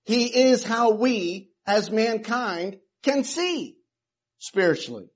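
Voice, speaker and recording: A man's voice: high-pitched, big pitch swings, slow, lo-fi sound. A man preaching a sermon, moving between emphatic declarations and casual conversational asides. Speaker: pastor.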